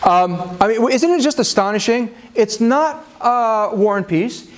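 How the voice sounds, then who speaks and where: This is a live marriage seminar led by a man whose voice is high-pitched and animated, and who never rushes. He chats with the audience, pokes fun at himself, and fills his speech with fillers and restarts.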